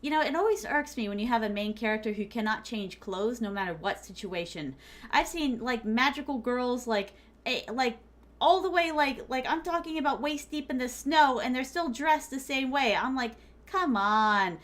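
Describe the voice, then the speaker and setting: A woman's voice: fairly high pitch, expressive, moderate pace, a bit bright. A woman streaming a game, chatting playfully with her viewers, often giggling and dropping in Japanese phrases. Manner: chatty, playful, talks to chat as "my starlings"; giggly, many fillers like "like". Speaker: VTuber streamer. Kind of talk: casual gaming stream chat.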